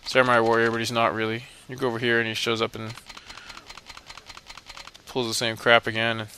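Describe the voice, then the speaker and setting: A man's voice: medium pitch, completely flat delivery, fairly quick, bright, forceful tone, slight background noise. A young man hosting a let's play, giving casual, rambling gameplay commentary in a joking, self-mocking way.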